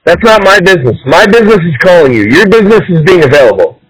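Cocky high-voiced man arguing. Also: big pitch swings, fast talker, slightly rough, no echo, rough recording. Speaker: podcast co-host. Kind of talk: casual banter on a phone call.

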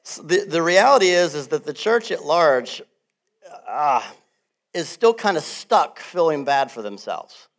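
Here the middle-aged pastor preaches a little slowly, his pitch on the high side. His animated sermon is full of laughter and shifts between booming moments and hushed asides.

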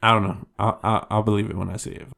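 A man's voice: lowish voice, level tone, fast talker, creaky, fairly bright tone. A man co-hosting a podcast, laid-back and profane, laughing often in casual chat. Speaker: podcast co-host.

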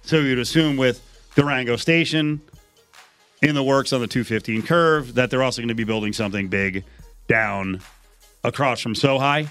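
A man hosting a radio show, chatting in a lively, excitable way. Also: medium pitch, normal speed, faint music behind. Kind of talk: casual chat.

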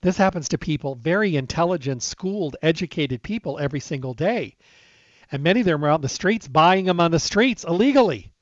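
A middle-aged man with a somewhat high voice talks straight into a close mic, casual and emphatic, slipping into the back-and-forth of remembered conversations. The sound is bone-dry and a little dull, like a lo-fi recording. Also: lively intonation, a little fast, dry recording. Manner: emphatic, conversational, acts out quoted dialogue. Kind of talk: casual storytelling monologue.

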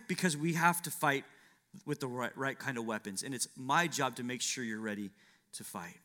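A man's voice: fairly high pitch, pushed and bright. A man preaching a sermon as a pastor, building emphasis through repeated phrases. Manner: preaching with swelling, emphatic repetition.

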